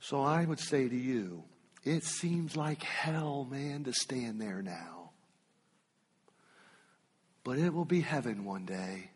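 A man preaching a sermon, telling a personal story with emphatic, drawn-out phrasing. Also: mid-range voice, expressive, slightly rough, long reverb tail.

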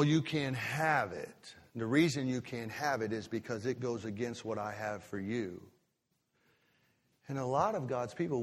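A male pastor preaching a sermon, drawing words out for emphasis and breaking into sudden loud rises. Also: medium pitch, long reverb tail.

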